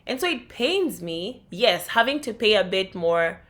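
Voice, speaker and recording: A woman's voice: medium pitch, very animated, unhurried, a bit bright. A young woman from Kenya with a Kenyan accent, talking candidly and reflectively in a vlog. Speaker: vlogger.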